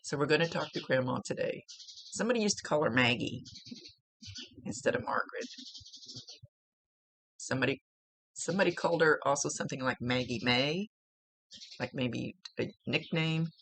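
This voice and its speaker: A woman's voice: extremely low pitch, normal speed, pauses often, fairly bright tone, no echo. A woman working as a psychic medium, talking through a spiritual reading in a rambling, casual way, often searching for words.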